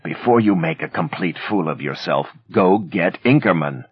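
A man's voice: sits low, lively intonation, moderate pace, husky, dull audio. A man voicing a cornered male spy in pain, gasping and pleading in a strained voice.

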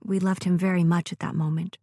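A woman reading a story aloud in a gentle, measured way, as a narrator. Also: lowish voice, flat delivery, no echo, studio quality.

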